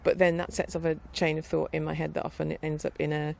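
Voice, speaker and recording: A woman's voice: low voice, level tone, fast talker, gravelly, a little mellow, a little hiss or hum. A middle-aged woman rambling casually as a podcast host, chatty and meandering. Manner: chatty, meandering, with frequent restarts and laughs.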